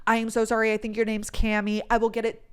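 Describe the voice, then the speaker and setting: A woman's voice: a little high, completely flat delivery, quick pace, clear, resonant tone. A woman, hosting a podcast in heated, chatty storytelling full of "like". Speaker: podcast host. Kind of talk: casual chat.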